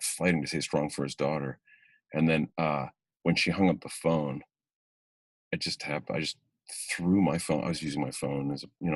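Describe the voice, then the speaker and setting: A man hosting an acting webinar, telling an audition story in a casual, animated way and acting out the people he quotes. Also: deep voice, husky, no echo. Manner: animated, acts out quoted voices. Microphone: webinar video call.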